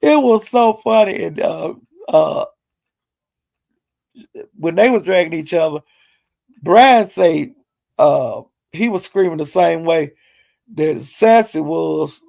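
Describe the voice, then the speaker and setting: A man casually recapping a livestream as a story, animated and laughing often as he talks. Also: on the high side, slow, vocal fry, long pauses. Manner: animated, laughs often, loose slangy talk.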